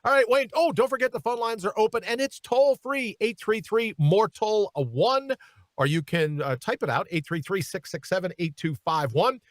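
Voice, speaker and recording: A man hosts a radio talk show from a studio, ranting with a sarcastic edge. His voice sits high and swings widely in pitch. The studio sound is dry and close. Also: animated, normal speed, dry recording. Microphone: studio microphone.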